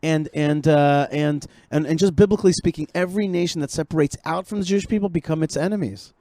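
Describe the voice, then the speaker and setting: A man hosting a podcast conversation, animated and joking, often repeating his words as he goes. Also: fairly high pitch, fast talker, dry recording. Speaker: show host.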